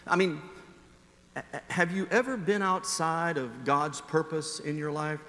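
Pastor guy preaching, bright kinda high voice, earnest storyteller, big echoey church sound. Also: slight background noise. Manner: earnest storytelling, shifting from slow emphasis to quick asides. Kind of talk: sermon with personal anecdote.

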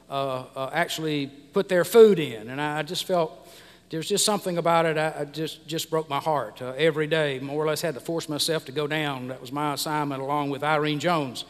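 Man, middle-aged pastor, sermon, slightly high voice, halting with lots of fillers, long hall reverb. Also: fairly bright tone, clean tone. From United States. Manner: halting, many "uh" fillers and restarts.

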